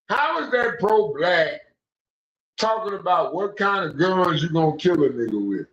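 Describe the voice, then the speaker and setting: A man's voice: high-pitched, sing-song, normal speed, fairly bright tone. A young man hosting a casual call-in stream, talking in loose, profane, preachy rants. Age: young adult. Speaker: stream host. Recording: echoey, dull lo-fi room sound.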